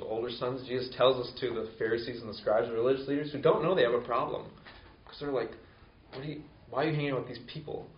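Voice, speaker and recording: Male pastor, conversational sermon, mid-pitched voice, distant echoey lo-fi recording. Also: a little hiss or hum. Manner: conversational, acts out quoted voices with rising pitch. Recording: roomy, distant, dull lo-fi sound.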